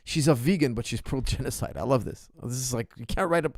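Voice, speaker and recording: Male podcast host, passionate rant, gravelly tone, dry close sound. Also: medium pitch, fast, no room sound. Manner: heated, indignant, emphatic. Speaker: MMA coach and podcast host.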